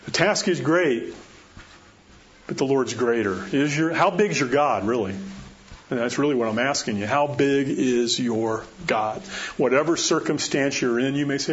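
Speaking at normal speed in a medium-pitched voice, a pastor preaches in a conversational style. He keeps checking in with his listeners through rhetorical questions, and the audio is dull and lo-fi with faint noise.

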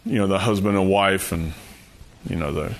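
A man's voice: sits low, moderate pace. A man preaching a sermon in a conversational, folksy way, often saying "you know" and chuckling. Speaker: pastor.

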